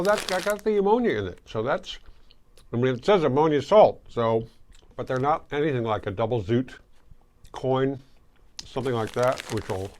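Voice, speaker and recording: A man's voice: medium pitch, a little hiss or hum. A man from Michigan, hosting a casual candy tasting video, chatting and chewing as he reviews each piece. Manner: chatty, chewing while talking. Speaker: host.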